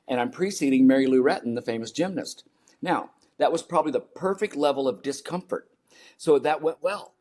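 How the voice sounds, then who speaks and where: An older man from the United States, a performance coach, telling lively stories in an interview and acting out his own reactions. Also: medium pitch, fairly quick. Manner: animated storyteller, acts out his own panicked voice. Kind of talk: storytelling interview talk.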